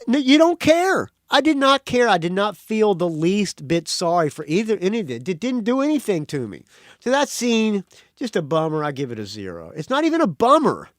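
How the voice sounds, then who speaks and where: A man's voice: high voice, sing-song, fairly quick, dry recording, clean studio sound. A male podcast host giving a casual movie review monologue, blunt and profane, with frequent restarts.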